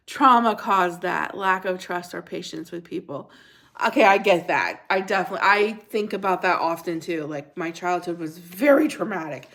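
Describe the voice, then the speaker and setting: A woman's voice: mid-range voice, moderate pace, sharp tone. A middle-aged woman hosting a casual livestream, chatting and laughing as she reacts to viewer comments.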